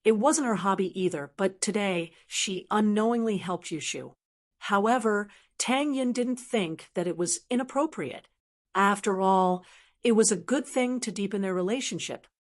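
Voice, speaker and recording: A woman reads a web novel aloud as audiobook narration. Her voice is of a middle pitch for a woman, and her delivery is steady and even. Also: moderate pace.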